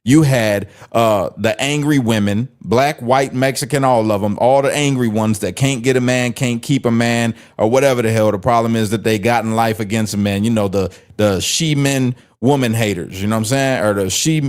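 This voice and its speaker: A man's voice: medium pitch, normal speed, hardly any pauses. A man talks back to a clip he is watching, mocking it in blunt, profane street slang. His delivery is loose and conversational, and he interrupts whenever the clip annoys him. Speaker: streamer reacting to a clip. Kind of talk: casual reaction commentary.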